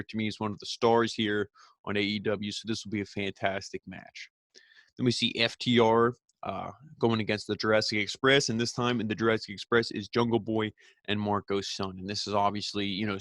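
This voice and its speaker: A man with a lowish voice talks through a wrestling show recap, rambling and opinionated, stopping and restarting his thoughts. The recording is dry and close, with no room sound around him. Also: a bit bright, dry recording. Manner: rambling, opinionated, frequent fillers.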